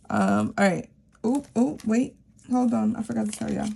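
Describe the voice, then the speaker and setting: A woman's voice: fairly high pitch, expressive, unhurried, gravelly, pauses often, dark tone, a little hiss or hum. A woman chatting casually to camera about her savings challenges, rambling with lots of fillers. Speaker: savings vlogger; teacher.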